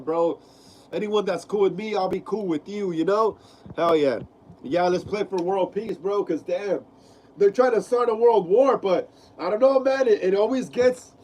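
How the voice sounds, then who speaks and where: A man's voice: high-pitched, warm tone, poor audio. A man hosting a horror film live stream, sick with a clogged nose that makes him sound stuffy and nasal. He reads out viewer comments in a laid-back, slangy way, repeating his phrases and calling viewers "bro.".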